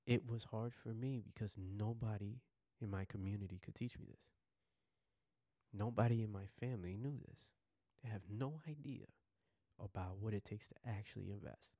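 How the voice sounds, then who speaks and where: A man tells his story casually on a podcast, excitable and prone to repeating himself and restarting sentences. His voice is very low and dark, with a gravelly fry. The recording is close and dry. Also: moderate pace, dry recording. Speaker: podcast host.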